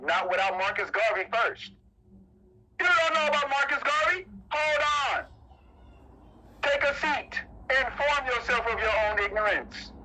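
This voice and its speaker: Very high-pitched, sharp-voiced male preacher. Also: animated, a little slow, slight background noise, rough recording. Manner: emphatic, repetitive, questions the audience. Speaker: preacher at a religious meeting. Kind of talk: sermon with rhetorical questions.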